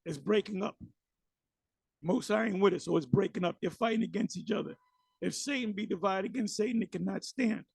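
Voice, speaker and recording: A man giving ranting religious commentary on clips, animated and mocking, with many fillers. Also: high-pitched, fairly quick, gravelly, breathy edge, no echo, rough recording.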